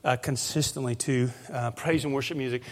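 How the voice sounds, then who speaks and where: A male pastor preaching a conversational sermon, moving into animated storytelling. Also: medium pitch, fairly quick.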